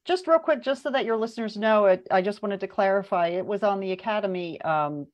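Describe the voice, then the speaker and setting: A woman's voice: mid-range voice, a little fast. A woman, a co-guest in a conversational interview, who often affirms others and then steps in to clarify. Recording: dull lo-fi audio.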